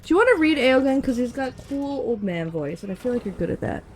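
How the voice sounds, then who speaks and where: A woman's voice: on the high side, expressive, a little mellow, a little hiss or hum. Chatty streamer woman reading narration. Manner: chatty, quick asides.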